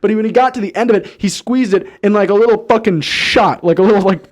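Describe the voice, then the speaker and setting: A man co-hosting a podcast, telling a story in a casual, animated way, swearing and laughing often. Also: high-pitched, quick pace. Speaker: podcast co-host. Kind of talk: casual chat.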